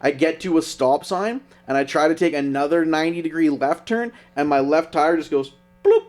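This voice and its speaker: A man's voice: on the high side, moderate pace. A young man, a podcast co-host, telling a profane road story in casual chat. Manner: profane, animated anecdote telling.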